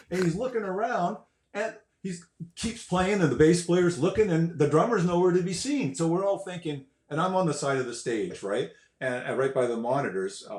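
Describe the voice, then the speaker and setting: An older man, a guest musician, telling stories in a casual way, animated and swearing, acting out quotes and sounds. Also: a little high. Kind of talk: casual storytelling. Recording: roomy echo.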